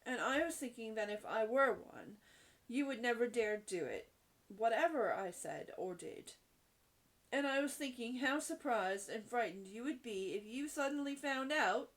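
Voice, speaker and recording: A woman's voice: on the high side, measured pace. A woman doing a proud, polite young girl. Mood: dreamy. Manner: calm, grand and polite.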